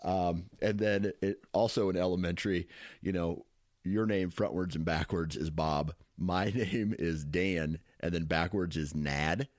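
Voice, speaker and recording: A man's voice: low voice, fairly even intonation, unhurried, darkish tone, no echo, clean studio sound. A man hosting a casual chat, telling stories in a rambling way with frequent laughs. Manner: laughs often, storytelling with restarts. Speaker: podcast host.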